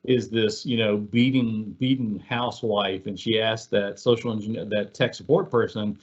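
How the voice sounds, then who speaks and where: A man with a lowish voice and fairly even intonation gives a webinar at a moderate pace, captured in dull audio. His style is casual and conversational, full of fillers, and he tells examples like stories.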